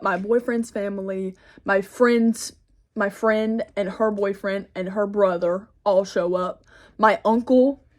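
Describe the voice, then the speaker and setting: A teenage girl telling a storytime tale in a casual, rambling way, full of "like" and "y'all", recorded on a phone camera. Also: medium pitch. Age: teens. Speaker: vlogger. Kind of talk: get-ready-with-me storytime.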